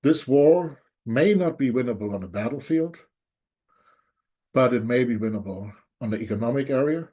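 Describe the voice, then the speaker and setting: A man with a dark, mellow voice holds forth in a solo monologue. He is angry and sarcastic, stressing each point and repeating his firm claims, while his pitch sits at an ordinary middle level. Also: lively intonation, normal speed. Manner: repeats "there's no doubt" for emphasis. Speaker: political commentator.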